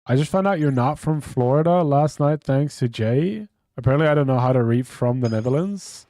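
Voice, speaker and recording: A man's voice: medium pitch, brisk, dark tone, dry recording. Casual swearing man streaming. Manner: swears freely, rambling and off the cuff. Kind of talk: casual live-stream chat.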